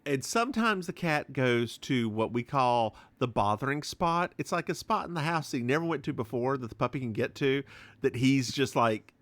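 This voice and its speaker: A man's voice: mid-range voice, lively intonation, moderate pace, a bit bright, no room sound. A man co-hosting a podcast, chatting casually and laughing often while recapping a TV episode. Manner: chatty, laughs often, playful put-on voices. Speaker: podcast co-host.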